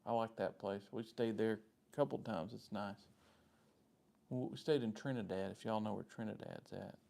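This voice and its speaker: Hosting a loose live-stream chat, a Southern US man answers viewers' comments by name in a drawl. His low, mellow voice carries a gravelly fry as he rambles amiably at a moderate pace.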